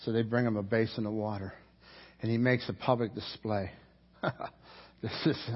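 A man's voice: lowish voice, fairly even intonation, moderate pace, long pauses, lo-fi sound. A man preaching a sermon as pastor, telling the story vividly and acting out the characters' lines.

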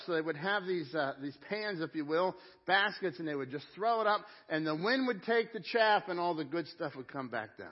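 A man's voice: sits high, breathy edge. A middle-aged man preaching a sermon in a church, conversational and emphatic, talking straight to the congregation. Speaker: pastor. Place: church sanctuary. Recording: dull lo-fi sound.

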